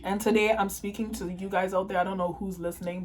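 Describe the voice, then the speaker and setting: A woman's voice: mid-range voice, flat delivery, fast, darkish tone, poor audio. Young woman vlogging, teary and fired up, ranting hard and cursing. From Toronto, Canada. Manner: impassioned, ranting, swearing. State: tearful. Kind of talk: emotional to-camera monologue.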